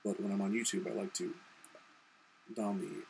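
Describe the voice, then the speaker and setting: Casting: young man from Montana, lowish voice, casual rambling vlog delivery, faint hiss behind. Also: little pitch movement, a little fast, creaky, pauses often, darkish tone, rough recording. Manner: rambling, lots of ums and you-knows. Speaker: video blogger.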